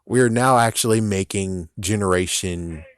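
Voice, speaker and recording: A man's voice: lowish voice, moderate pace, smooth. A young man ranting angrily about video games, swearing and mocking the fans he is angry at. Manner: angry, profane ranting with mocking quoted voices. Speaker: video game commentator. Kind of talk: rant vlog.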